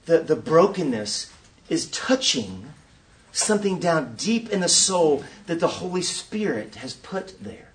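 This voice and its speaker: A man giving a preaching-style conference talk, an animated storyteller who acts out scenes and asks the audience rhetorical questions. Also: fairly high pitch, recorded from a distance. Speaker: workshop speaker at a conference.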